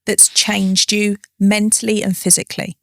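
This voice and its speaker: A woman's voice: mid-range voice, level tone, moderate pace, vocal fry, a bit bright, dry recording, studio quality. A woman psychotherapist as an interview guest, explaining ideas through vivid step-by-step examples.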